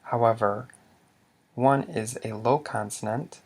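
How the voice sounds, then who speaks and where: Speaking slowly in a husky, medium-pitched voice, a man gives a language lesson. He explains patiently, sounds out example words, and quizzes the listener as he goes.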